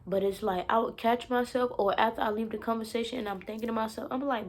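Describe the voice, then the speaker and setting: Blunt, profane young woman, slightly high voice. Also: normal speed, long pauses. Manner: blunt and profane, swears freely; emphatic, repeats herself for effect. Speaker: self-help vlogger. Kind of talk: casual monologue to camera.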